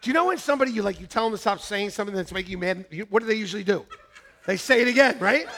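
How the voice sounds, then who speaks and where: Male pastor, high and gravelly, animated sermon with shouted punchlines. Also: quick pace. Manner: animated, laughing, repeats lines to the congregation; shouts mock-angry quotes at peaks. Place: church.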